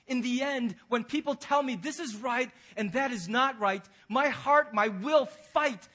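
High, bright-voiced preaching pastor. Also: male voice. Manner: earnest, preaching with pointed rhetorical questions. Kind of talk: sermon.

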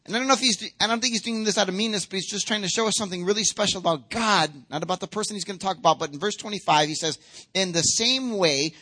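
Bright, high-pitched male preacher. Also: fast talker. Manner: emphatic, conversational preaching with acted-out quotes. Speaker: pastor. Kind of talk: sermon.

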